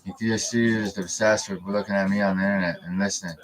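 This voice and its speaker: A man's voice: sits low, steady tone, fast talker, a crowd in the background, poor audio. A man in his thirties giving a rambling, profane, confrontational monologue on a live stream. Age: 30s.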